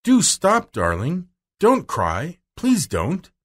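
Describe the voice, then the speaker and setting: A man's voice: mid-range voice, sing-song, normal speed, a bit bright, breathy edge. A man reading aloud and voicing a flustered schoolmistress who pleads and frets. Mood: pleading. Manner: pleading, fretful. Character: flustered anxious schoolmistress woman.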